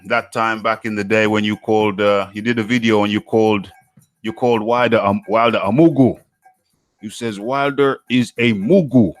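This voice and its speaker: A man's voice: mid-range voice, no room sound. Chatty man hosting a live stream. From United Kingdom. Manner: repeats his phrases, chatty and upbeat. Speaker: host of a live boxing talk show. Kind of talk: live-stream chat, reading viewer comments aloud.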